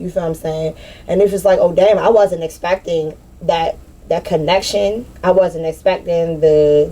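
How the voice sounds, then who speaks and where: A woman talking candidly in a personal vlog, slangy and animated, swearing and laughing at herself. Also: mid-range voice. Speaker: spiritual vlogger.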